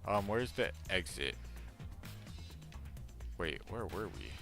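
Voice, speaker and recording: Bright, excitable man streaming a game. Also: takes it slowly, creaky, soft background music. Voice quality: deep voice by his own account. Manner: excited, thinking aloud. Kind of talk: live game playthrough with character voices.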